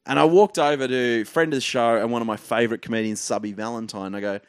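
A man with an Australian accent, a comedian telling stories with loud, animated delivery. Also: mid-range voice, quick pace, clear, resonant tone, dry recording, studio quality. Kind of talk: comedy podcast storytelling.

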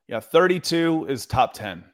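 A man co-hosting a casual sports podcast, talking in a relaxed, chatty way with lots of fillers. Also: on the high side, a little slow. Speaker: podcast co-host.

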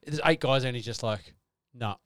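A man's voice: medium pitch, fast, clean tone, no echo, clean studio sound. A man co-hosting a film podcast, rambling through his points with restarts and acted-out bits. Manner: rambling, restarts, acts out scenes. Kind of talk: casual chat.

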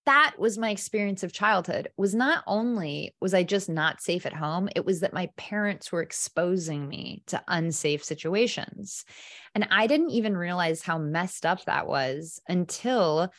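A woman with a slightly low voice tells a personal story as an interview guest. She is animated and vivid, slipping into lively quoted asides as she goes. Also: a little slow.

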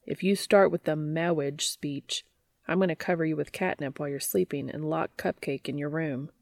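A gruff older brother who speaks bluntly and curses when cornered, read by a woman in her own low voice. The tone is gravelly with a slight fry, the recording close and dry. It has the feel of a story read aloud. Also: moderate pace, dry recording. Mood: teasing. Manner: blunt, swearing. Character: exasperated gruff young man, older brother.

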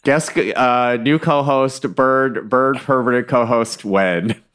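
A man's voice: mid-range voice, slow, fairly bright tone, clear, resonant tone. A man co-hosting a podcast in casual comedic chat, rambling with wry, self-deprecating humor. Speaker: podcast co-host.

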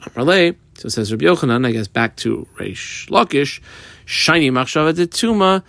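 A man works through a Talmud page, reading a phrase and then unpacking it in plain, casual English. His voice sits at a middle pitch with a gravelly, creaky edge, and the recording is dry and close. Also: very animated, moderate pace, a bit bright, no room sound. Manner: reads Aramaic phrases then explains them in English, with frequent ums. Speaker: Talmud teacher. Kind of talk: Talmud lesson, reading and translating.

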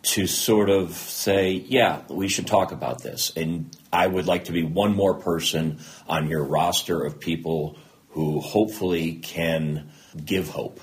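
Speaking low and without hurry, this middle-aged interview guest tells his story earnestly, replaying past exchanges in character as he goes. It's a candid conversation.

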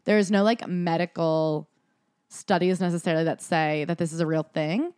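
Skeptical woman podcast co-host, low voice. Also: steady tone, moderate pace, a little mellow, clean tone, no room sound, studio quality. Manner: skeptical, opinionated commentary. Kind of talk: casual chat recapping a book.

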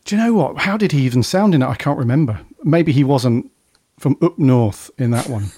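A man's voice: medium pitch, lively intonation, fairly quick, mellow, breathy edge, dry recording, studio quality. A man hosting a casual podcast panel chat, talking loosely and drifting into tangents. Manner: chatty, rambling off on tangents. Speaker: podcast host.

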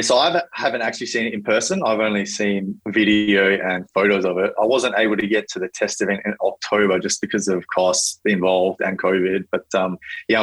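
A man's voice: fairly low pitch, a bit bright, slightly rough, no room sound, poor audio. A man answering as an athlete guest in an interview, hesitant with many fillers.

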